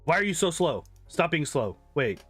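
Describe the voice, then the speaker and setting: A man's voice: a little high, very animated, moderate pace, fairly bright tone, breathy edge, dry recording, faint music behind. A man chatting casually and rambling while playing a game, swearing freely and laughing often. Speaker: gaming streamer.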